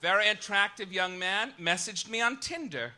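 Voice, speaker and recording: A man in his thirties hosting a live stand-up monologue on a club stage, campy and arch, with sudden loud outbursts. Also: high voice, expressive, moderate pace. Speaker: comedic host.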